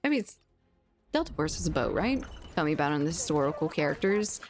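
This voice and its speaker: A woman's voice: low voice, sing-song, fast. A woman streamer chatting casually with viewers while gaming, laughing often and swearing freely.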